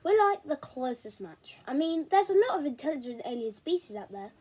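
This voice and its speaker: A woman's voice: high voice, big pitch swings, fairly quick, darkish tone. A woman reading aloud, voicing an easygoing adult man who chats casually. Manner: casual, chatty.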